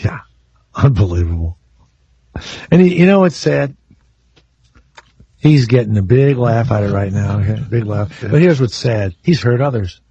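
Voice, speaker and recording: A man's voice: mid-range voice, animated, moderate pace, pauses often, mellow, slightly rough, no room sound, highs cut off. A man hosting a call-in radio talk show, brash, crude and joking with callers. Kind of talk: casual call-in radio banter. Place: radio studio.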